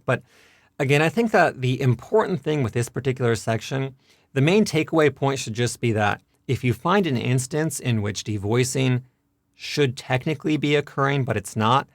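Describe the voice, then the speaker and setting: Male teacher, mid pitch, dry studio sound, patient explainer. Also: no echo. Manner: patient, repeats words slowly to demonstrate. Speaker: language teacher. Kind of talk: explanatory lesson.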